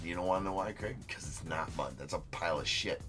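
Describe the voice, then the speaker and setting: A man's voice: deep voice, fast talker, music in the background. A man hosting a live card-breaking stream, joking and teasing a viewer as he gives casual commentary.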